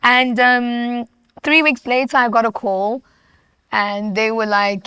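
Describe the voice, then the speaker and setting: A woman's voice: on the high side, level tone, slow pace, pushed and bright, smooth, dry recording. A young South African woman with a South African accent, telling her story animatedly as a guest on a studio podcast, often laughing. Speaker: guest, hip-hop artist. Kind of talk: conversational interview.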